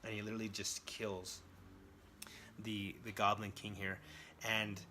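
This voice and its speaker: A man's voice: lowish voice, little pitch movement, measured pace, pushed and bright, slight background noise. A man casually reviewing a comic book, enthusiastic and rambling with lots of fillers.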